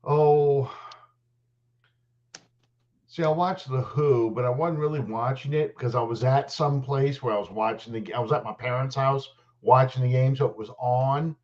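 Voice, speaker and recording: A man co-hosting a casual sports chat, telling stories in a rambling, animated way with many restarts. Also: medium pitch, moderate pace. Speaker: podcast co-host. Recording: dull lo-fi audio.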